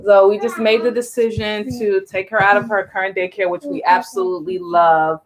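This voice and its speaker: Upbeat mom hosting a family vlog. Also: female voice, medium pitch, steady tone, a little fast. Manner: upbeat, directs the kids, teasing. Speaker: vlog co-host, parent. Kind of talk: casual family chat.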